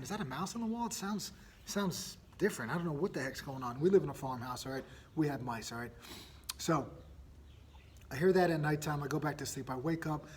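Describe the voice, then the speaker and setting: A man's voice: a little high, a little hiss or hum. Chatty man hosting a parenting podcast. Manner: energetic, chatty, often asks "right?". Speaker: podcast host. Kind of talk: casual solo podcast storytelling.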